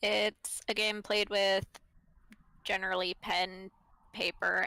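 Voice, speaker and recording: A woman chatting on a stream over an online call, slow and halting, full of fillers and the odd swear. Her voice is bright and edged with fry, recorded close and dry. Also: medium pitch, level tone, no echo. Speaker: co-player and fellow streamer. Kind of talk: casual chat on a live stream. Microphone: home mic over an online call.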